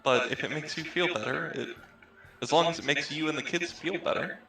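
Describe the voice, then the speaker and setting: A man playing in a tabletop game, speaking in character in a calm, reassuring way. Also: on the high side, a little fast, gravelly, very echoey. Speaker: player. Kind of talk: in-character tabletop role-play.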